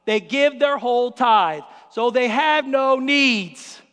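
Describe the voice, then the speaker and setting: A man preaching a sermon as pastor, telling stories in an animated way and acting out the scenes. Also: very high-pitched, slow pace, clean tone, long reverb tail.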